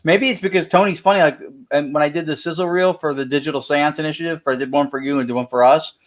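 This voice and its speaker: A man's voice: a little high, steady tone, fast talker. A man co-hosting a paranormal talk show, speaking enthusiastically and laughing often. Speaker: paranormal investigator co-host. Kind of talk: casual chat.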